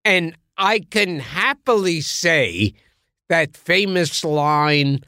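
A man co-hosting a podcast, reacting in drawn-out, deadpan fashion. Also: fairly high pitch, vocal fry, no echo, clean studio sound. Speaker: podcast host. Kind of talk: casual chat.

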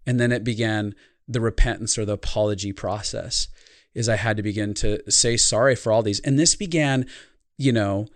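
Earnest low-voiced man telling a story. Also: normal speed, dry recording, studio quality. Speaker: speaker and life consultant. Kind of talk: podcast conversation.

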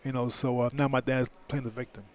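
A man's voice: medium pitch, level tone, quick pace, darkish tone, smooth. A middle-aged man, a podcast guest, telling a personal story in an emphatic, profane, filler-heavy way. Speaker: guest, former heavyweight boxing champion. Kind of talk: candid storytelling in a podcast interview.

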